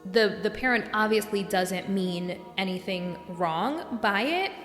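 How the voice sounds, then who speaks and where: An earnest young woman from New York hosts her own podcast, talking straight to listeners and growing animated as she warms to the subject. Her voice sits in the middle of the range and rings out in an echoey room with a long reverb tail, faint music underneath. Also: mid-range voice, unhurried. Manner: earnest, gets worked up and animated. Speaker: podcast host and coach. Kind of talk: solo podcast monologue.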